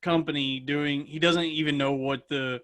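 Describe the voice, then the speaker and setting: A man co-hosting a podcast, telling a story with excitement and joking with friends. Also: on the high side, normal speed. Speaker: podcast co-host. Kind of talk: casual chat. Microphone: video call.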